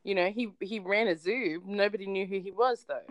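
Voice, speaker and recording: A woman's voice: mid-range voice, brisk, no echo, lo-fi sound. Australian woman telling stories, dry sound. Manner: animated storyteller, laughs often. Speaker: podcast co-host. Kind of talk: casual chat.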